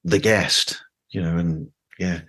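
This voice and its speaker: A man co-hosting a podcast in casual chat, relaxed and hesitant with fillers. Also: low-pitched, takes it slowly, slightly rough.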